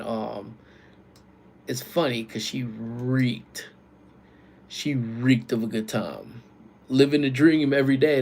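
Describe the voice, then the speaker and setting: Security guy streaming from work, gravelly voice, chill slang, faint noise behind him. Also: mid-range voice. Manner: laid-back slang, breaks into loud greetings to viewers. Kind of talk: casual live-stream chat with viewers. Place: workplace community center.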